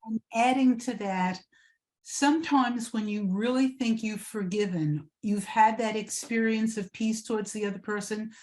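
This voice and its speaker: A woman co-hosting a spiritual podcast, giving gentle, measured advice. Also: fairly high pitch. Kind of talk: reflective spiritual discussion.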